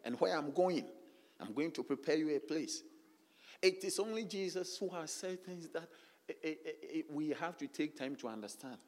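A man's voice: a little high, expressive, moderate pace, a little mellow. A man preaching a sermon, emphatic and repetitive, calling out to the congregation with frequent hallelujahs. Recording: long reverb of a large hall.

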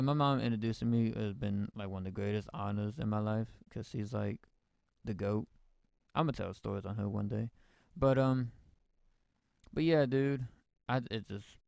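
A man's voice: fairly low pitch, creaky, clean tone, no echo, studio quality. A young man hosting a podcast, telling a personal story in a casual, emotional, rambling way, full of slang and restarts. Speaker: podcast host.

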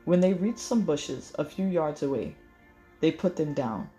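A woman reading a novel aloud in measured storytelling, correcting small slips as she goes. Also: low voice, lively intonation, warm tone, faint music behind. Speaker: audiobook reader.

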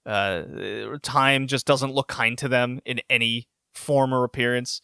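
Bright-voiced sarcastic man reviewing wrestling. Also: mid-range voice, fairly even intonation, measured pace, creaky, clean tone, no room sound, studio quality. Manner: sarcastic, opinionated, frequent self-corrections. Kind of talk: casual recap and commentary.

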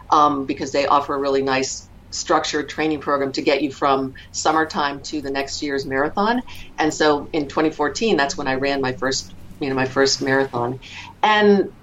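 A woman in her fifties with a low voice, speaking as an interview guest. She talks reflectively, often pausing with fillers and restarting her sentences. The recording sounds dull and lo-fi. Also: a bit bright, a little hiss or hum. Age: 50s. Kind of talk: conversational interview.

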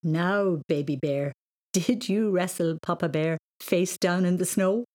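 A woman voicing a kind, playful father in a storybook reading, teasing gently. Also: fairly low pitch, unhurried, lightly acted.

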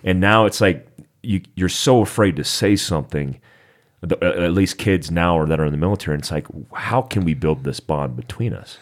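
A man, a former infantryman, hosting a casual interview and chatting with quick, stammering restarts. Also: low-pitched. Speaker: podcast host, former infantryman.

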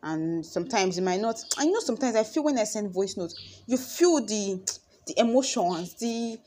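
A young woman with a Nigerian accent, talking casually to her followers in a chatty, expressive way. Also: mid-range voice, normal speed, a little hiss or hum. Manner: chatty and expressive, acts out conversations. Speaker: vlogger.

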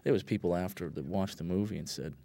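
Deep-voiced man rambling through a film commentary. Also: fast talker, gravelly, dark tone, dry recording. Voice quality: rambling, lots of fillers, laid-back and blunt. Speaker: film director giving commentary.

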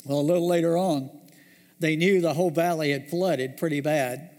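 A man preaching a sermon, telling a story and slowing down, dropping low to stress key words. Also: steady tone, darkish tone, long reverb tail. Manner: storytelling, slows and drops low for emphasis. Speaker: pastor.

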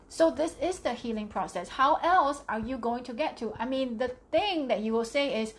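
A woman's voice: fairly high pitch, normal speed, hardly any pauses. Candid, emphatic middle-aged woman. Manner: candid, emphatic, repeats phrases. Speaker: money mindset vlogger. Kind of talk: casual talk to camera.

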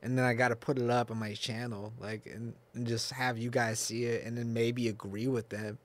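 A man's voice: medium pitch, flat delivery, normal speed. Rambling, laughing young podcast host guy. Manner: rambling, profane, laughs often, restarts and off-the-cuff asides. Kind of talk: casual solo podcast rant.

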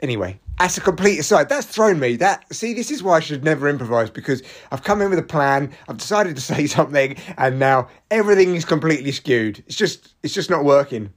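A man's voice: fairly quick, hardly any pauses. Hyper man rambling on a podcast. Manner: hyper and energetic, rambling with restarts and excited pitch jumps. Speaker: comedian podcast host. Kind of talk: solo comedic rambling chat.

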